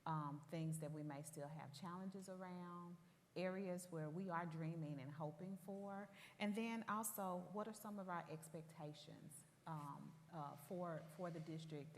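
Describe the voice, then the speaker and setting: A low-pitched woman in her forties with a Southern US accent, talking earnestly and proudly about her roots. Her voice carries a long hall reverb, as if she is recorded in a big room. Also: a little hiss or hum. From Tennessee, US. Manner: earnest, proud, measured storytelling. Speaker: school superintendent. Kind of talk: interview conversation.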